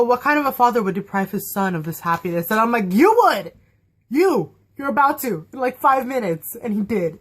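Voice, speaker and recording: Gushing young woman fan reviewer. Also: mid-range voice. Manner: gushing, animated, lots of fillers and laughter. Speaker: TV episode reviewer. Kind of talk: casual excited fan review.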